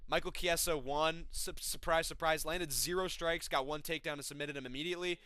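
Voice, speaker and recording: High-pitched, furious profane man. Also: brisk, no echo. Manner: agitated, profane, animated. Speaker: fight recap host. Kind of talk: casual ranting recap. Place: home room with friends.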